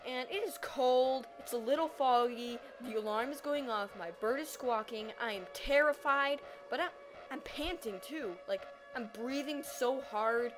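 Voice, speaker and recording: A teenage girl telling a personal story in a casual vlog, animated and dramatic, acting out her own reactions. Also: high voice, unhurried, music in the background. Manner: animated, dramatic retelling with acted-out quotes.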